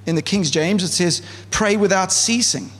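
A man preaching as a pastor, in a relaxed, conversational style full of fillers and asides. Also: high-pitched, moderate pace, breathy edge. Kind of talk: sermon. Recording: church hall with long reverb.

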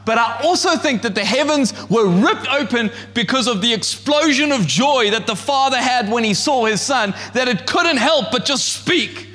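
A man preaching a sermon with passion, rising to shouts as he acts out God speaking. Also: very high voice, expressive, normal speed, hardly any pauses, long reverb tail. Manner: impassioned, shouts when acting out God's voice. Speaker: pastor.

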